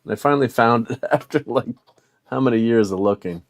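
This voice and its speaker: A man's voice: medium pitch, brisk. A middle-aged man chatting casually about old toys from his collection, rambling with lots of fillers and chuckles, on a portable mic. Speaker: toy collector vlogger. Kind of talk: casual unboxing chat.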